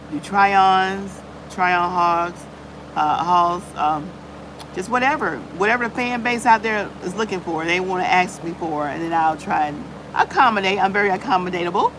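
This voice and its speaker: A woman's voice: fairly low pitch, noisy background. A woman hosting a casual live chat on her channel, greeting viewers by name and peppering her talk with "y'all". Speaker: livestream host.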